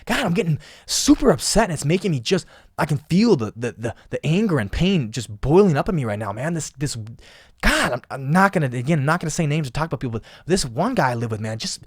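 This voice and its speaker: A man's voice: a little high, big pitch swings, fast talker, no echo, clean studio sound. A young man hosting a casual motivational podcast, talking solo in an impassioned, emphatic way and often repeating phrases. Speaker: podcast host.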